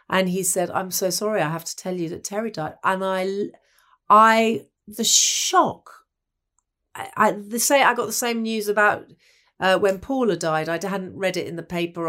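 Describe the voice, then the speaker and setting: A woman's voice: lowish voice, fairly even intonation, unhurried, a bit bright. A woman from England, a broadcaster, reminiscing in conversation and acting out the voices of people she quotes. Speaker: broadcaster and guest.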